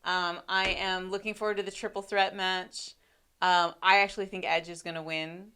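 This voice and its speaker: A woman's voice: lowish voice, little pitch movement, moderate pace, pushed and bright, clear, resonant tone. A woman co-hosting a podcast, chatting casually with lots of ums and likes. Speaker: podcast co-host. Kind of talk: casual chat.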